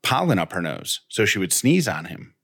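A man's voice: low voice, sing-song, normal speed, a bit bright, slightly rough. A man co-hosting a podcast in casual chat, playfully spinning silly spooky theories. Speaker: podcast co-host.

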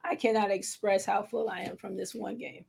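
A woman co-hosting a casual sports podcast over a video call, energetic and gushing, with casual swearing. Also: mid-range voice, moderate pace, creaky, husky. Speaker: podcast co-host. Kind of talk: casual postgame chat.

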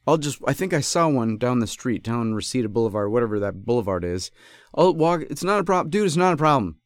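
A man hosting a podcast, talking in a rambling and animated way. He stops and corrects himself often as the story goes on. His voice sits at an everyday middle pitch and sounds dry and close to the mic. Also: fairly quick, dry recording. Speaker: podcast host. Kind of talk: casual storytelling.

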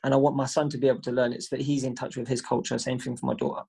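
A man co-hosting a podcast, chatting casually and telling an animated story, swearing freely and acting out the voices of people he quotes. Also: mid-range voice, racing, gravelly, breathy edge. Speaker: podcast co-host. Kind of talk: casual chat.

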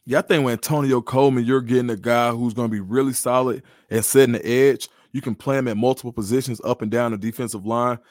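A man's voice: medium pitch, fast, few pauses, no echo, studio quality. A man, a guest analyst in a podcast interview, talks through football recruiting in a confident, analytical way. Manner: confident, analytical, animated storytelling.

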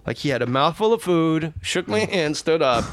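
A man's voice: on the high side, moderate pace, a little hiss or hum. A middle-aged man telling stories in casual conversation, acting out the people in them. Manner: animated anecdotes, acting out quoted voices. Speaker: podcast guest. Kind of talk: casual storytelling.

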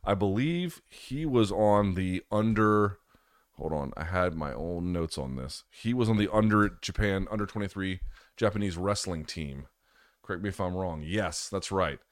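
Deep-voiced guy rambling on a podcast live chat, corrects himself a lot, swears casually, dry close mic. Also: animated, moderate pace, no echo. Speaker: podcast host.

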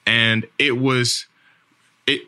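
Bright-voiced man telling a rambling story. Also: mid-range voice, level tone, drawn-out words. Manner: rambling, repeats words, says "man" and "like" a lot. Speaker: podcast host, NFL player. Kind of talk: casual storytelling chat.

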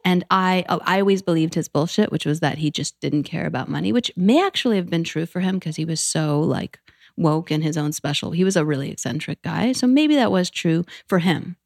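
A woman in her late thirties, a podcast guest talking candidly and with profanity, telling animated personal stories. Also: fairly low pitch, brisk, vocal fry, no echo, clean studio sound. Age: 30s. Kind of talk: casual podcast conversation.

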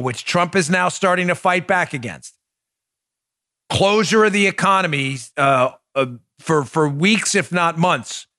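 A man's voice: a little high, bright, forceful tone, no room sound, studio quality. A man hosting a political podcast, talking emphatically and building to heated, repetitive points. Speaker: podcast host. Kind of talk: political commentary.

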